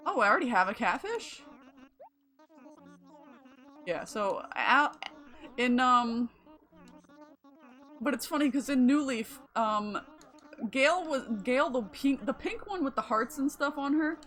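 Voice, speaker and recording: A woman's voice: high voice, animated, a little slow, long pauses, fairly bright tone. A woman streaming a video game, chatting and rambling casually with the odd swear. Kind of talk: casual gameplay commentary.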